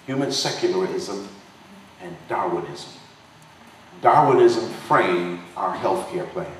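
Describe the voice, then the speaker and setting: A man preaching a passionate political sermon to a dinner crowd, driving his points home with repeated phrases and a preacher's cadence. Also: on the low side. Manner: emphatic preaching cadence with repetition. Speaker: pastor and congressional candidate. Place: potluck dinner hall. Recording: distant echoey room recording with faint noise.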